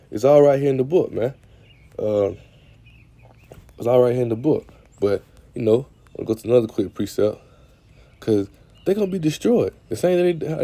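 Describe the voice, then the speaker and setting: A man teaching scripture in a casual, informal way, often adding "man", stammering on repeated words and slowing down to read verses aloud. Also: medium pitch, vocal fry, dark tone. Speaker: religious speaker.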